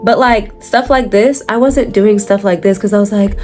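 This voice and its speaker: Rambling while she does her makeup, a young adult woman vlogger speaks in slang, stacks up fillers, corrects herself, and laughs often. Her medium-pitched voice is a little mellow, and faint music plays behind her.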